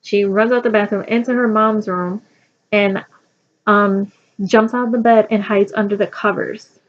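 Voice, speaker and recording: A young woman tells a rambling personal story in a casual, chatty way, full of fillers and restarts. Her pitch sits in a middle range. The recording sounds dull and lo-fi. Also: steady tone, moderate pace.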